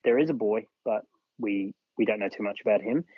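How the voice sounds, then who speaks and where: Australian man, podcast guest, storytelling, acts out quotes, dry close sound, slightly husky. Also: on the low side, fairly quick, dry recording, narrow, tinny audio. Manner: acts out other people's lines while recounting. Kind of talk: personal storytelling in a podcast interview.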